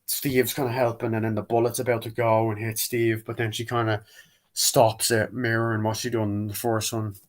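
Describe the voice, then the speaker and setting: A young man recaps a film in loose, rambling talk, his voice sitting slightly low. He keeps breaking into quick, high-pitched impressions of the characters as he goes. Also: flat delivery. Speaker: movie reviewer. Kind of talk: casual spoken movie review.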